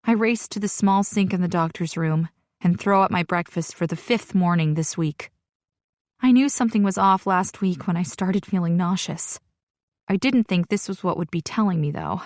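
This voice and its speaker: Lower-pitched woman narrating an audiobook. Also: moderate pace, dry recording, studio quality. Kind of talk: first-person romance audiobook narration.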